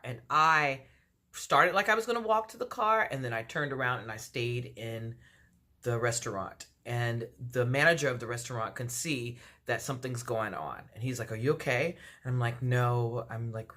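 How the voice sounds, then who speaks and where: Very deep but fairly bright in tone, this woman from Washington, D.C. tells a personal story to camera as a vlogger. In her storytime monologue she plays both sides of the dialogue, with plenty of fillers.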